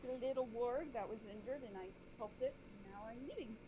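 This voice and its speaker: Woman player in a tabletop game, kinda high, blunt and plain-spoken. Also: a little fast, dark tone, slight background noise, low-quality recording. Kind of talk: in-character tabletop role-play.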